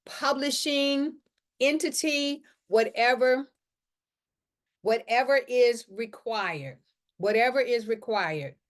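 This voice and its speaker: A woman hosts a casual publishing Q&A from inside her house, speaking in a fairly high voice. She talks slowly and upbeat, leaning on motivational phrases and repeating herself for emphasis. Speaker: host of a publishing Q&A show. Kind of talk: casual live-stream talk. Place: indoors at home.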